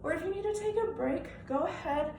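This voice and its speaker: A woman's voice: extremely high pitch, brisk, distant mic. A young woman leading a home exercise class in an upbeat, encouraging way, often checking in with the class. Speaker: fitness class instructor. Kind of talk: live-style home workout instruction. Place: room at home. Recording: echoey room, off-mic, faint background hiss.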